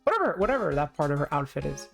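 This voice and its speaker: A woman's voice: deep voice, very animated, rapid-fire, creaky, faint music behind. A young woman streamer chatting casually and joking with her viewers while playing, often repeating herself.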